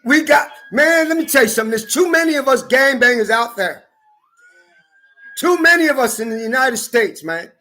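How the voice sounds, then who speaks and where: A man delivering a heated, profane rant to camera, often breaking into shouts. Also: very high voice, lively intonation, normal speed. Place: California.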